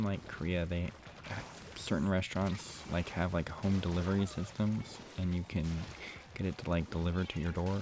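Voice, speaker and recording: Hushed gravelly young man streaming. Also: sits low. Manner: hushed, half-whispered, rambling with restarts. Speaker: game streamer. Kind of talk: quiet live stream chat while playing. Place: room at home at night. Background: game music.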